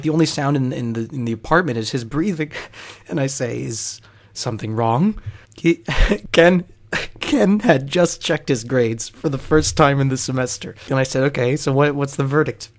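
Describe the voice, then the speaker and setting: A man telling a personal story in a wry, profane, conversational way. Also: medium pitch.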